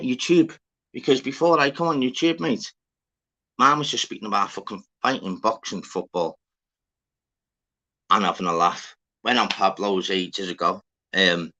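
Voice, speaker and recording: Sweary Scouse man with a bright voice. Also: lowish voice. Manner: swearing, rambling, greeting viewers by name. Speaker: livestream host. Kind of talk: casual live chat.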